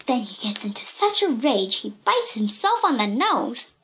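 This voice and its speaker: A woman voicing a cheeky red-haired girl who tells tall tales in a shrill, playful voice in a storybook reading. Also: big pitch swings, unhurried, a bit bright. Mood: boastful. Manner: shrill, playful, fibbing with a straight face.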